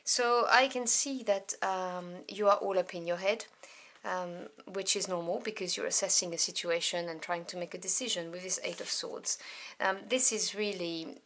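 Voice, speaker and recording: A woman giving a tarot reading to camera, gentle and meandering, with many pauses and apologies. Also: fairly low pitch. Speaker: tarot reader.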